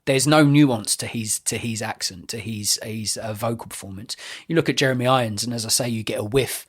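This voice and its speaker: A man with a husky, mid-range voice riffs through a casual film review. He is opinionated and animated and swears freely. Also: medium pitch, a little fast. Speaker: podcast co-host.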